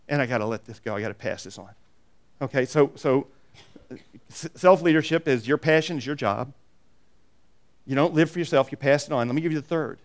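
A middle-aged man preaching a sermon, telling stories with emphatic repeats and quick asides. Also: on the high side. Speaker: pastor.

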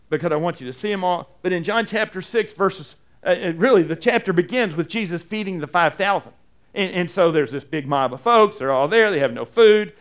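A man preaching a sermon in a conversational style, repeating phrases and acting out the people he quotes. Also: sits high. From United States. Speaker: pastor.

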